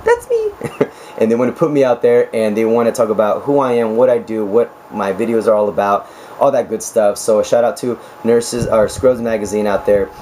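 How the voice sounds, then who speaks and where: A young man vlogs in a hoarse, raspy voice, pitched on the low side and loose, jokey and talkative. A faint hum of room noise runs underneath, like an air conditioner in a small room. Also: steady tone, a little fast, mellow, low-quality recording. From United States. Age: 20s. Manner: chatty, laughing, joking asides. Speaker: nurse vlogger. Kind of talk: casual chat to camera.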